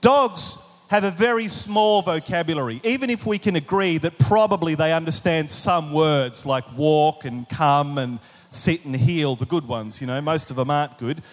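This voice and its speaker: Man, sermon, high voice, animated, humorous asides, long hall reverb. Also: moderate pace. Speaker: pastor.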